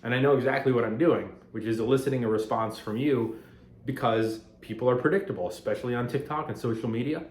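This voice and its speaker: A man's voice: mid-range voice, quick pace, a little mellow. Man vlogging in an echoey apartment. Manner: rambling and conversational, grows heated and emphatic. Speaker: finance content creator. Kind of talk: casual talking-head vlog. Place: apartment at home. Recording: roomy echo of a home room.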